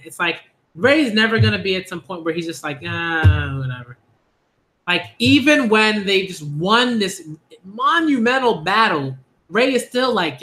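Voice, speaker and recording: Male manga reviewer, live reaction read-through. High, bright voice, excitable, loops his favorite phrases. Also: moderate pace. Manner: excitable, repeats phrases, laughs often. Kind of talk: live reading reaction commentary.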